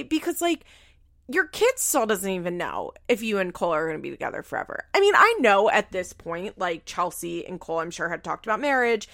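A woman's voice: medium pitch, sing-song, a little fast, vocal fry, fairly bright tone, no room sound, studio quality. A woman recapping a reality show in casual, incredulous commentary, swearing freely.

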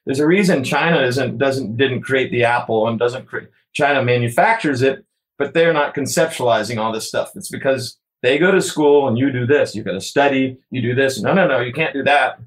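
A man's voice: mid-range voice, moderate pace, rough recording. A man, a kayaker, talking casually as an interview guest, rambling with many restarts and frequent laughs. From United States.

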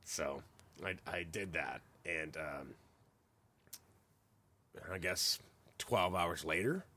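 A man chatting casually on a podcast, telling a story with animated delivery, swearing freely and laughing as he goes. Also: low voice, takes it slowly.

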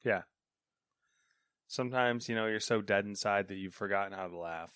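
A man's voice: lowish voice, moderate pace, fairly bright tone, clear, resonant tone, no room sound. A man co-hosting a casual gaming news podcast, answering with dry, laid-back quips. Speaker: podcast co-host.

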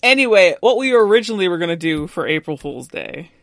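A woman's voice: lowish voice, expressive, quick pace, dry recording, clean studio sound. A woman co-hosting a podcast in casual chat, explaining plans in a matter-of-fact way. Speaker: podcast co-host.

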